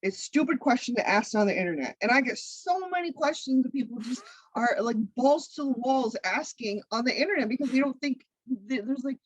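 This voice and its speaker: A woman guest on a podcast, a content creator and comedian, talking in a blunt, profane, animated way. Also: sits high, a little fast, no room sound, poor audio. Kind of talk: casual interview chat.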